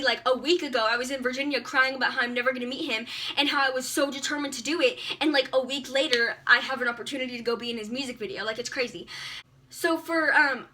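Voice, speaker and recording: A teenage girl telling a storytime vlog to her camera, excitable and gushing, with lots of "like". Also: high voice, slight background noise. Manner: excitable, gushing, many likes. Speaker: vlogger.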